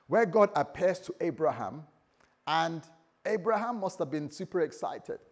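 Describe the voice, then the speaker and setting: A male pastor preaching a sermon in a church, animated and joking, acting out the stories he tells. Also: a little high, husky.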